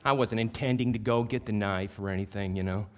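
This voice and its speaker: A pastor in his fifties with a somewhat low voice delivers a sermon built on personal stories. He tells them in a lively, self-mocking way and raises his voice for the punchlines. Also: brisk. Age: 50s. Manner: animated, self-deprecating storyteller who gets loud at punchlines.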